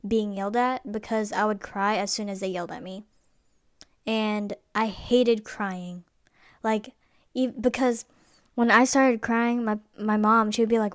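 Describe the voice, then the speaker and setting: A woman's voice: fairly high pitch, no room sound, studio quality. A young woman hosting a podcast, telling personal stories in a rambling, casual way with lots of fillers and restarts. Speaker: podcast host.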